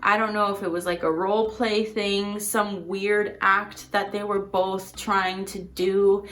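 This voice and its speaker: A woman's voice: mid-range voice, a bit bright. A woman vlogger telling a personal story in a chatty, rambling way, full of fillers. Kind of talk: casual storytelling.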